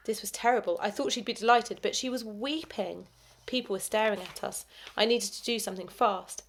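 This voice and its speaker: A woman teacher reads a children's story aloud at an ordinary pitch. She is expressive and lively in her storytelling, and she drops to a hushed whisper for the asides. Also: fairly quick. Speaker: primary school teacher.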